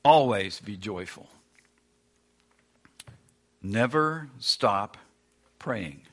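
A man's voice: lowish voice, lively intonation, very slow, a bit bright. A man preaching a sermon with emphatic, repeated lines. He acts out the complaints of doubting listeners along the way. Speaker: pastor.

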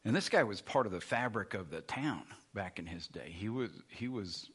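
Guy giving a sermon, low husky voice, chatty and loose. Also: lively intonation, normal speed, a bit bright. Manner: conversational, with frequent restarts and asides. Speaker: pastor.

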